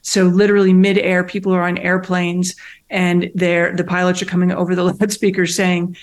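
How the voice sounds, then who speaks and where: A woman's voice: fairly low pitch, moderate pace. A middle-aged woman speaks as a guest in an interview. She tells her story earnestly and with animation, stressing points through repetition, and she often stops to restart her sentences. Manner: animated storytelling, acts out quoted voices; restarts and fillers, earnest and emphatic. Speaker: guest, nonprofit founder. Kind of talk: conversational interview.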